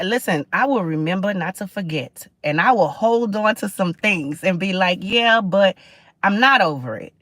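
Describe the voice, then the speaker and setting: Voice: medium pitch, a bit bright, dry recording. A Caribbean-born livestream host giving a preachy, conversational motivational talk, often checking in with listeners and answering viewer comments.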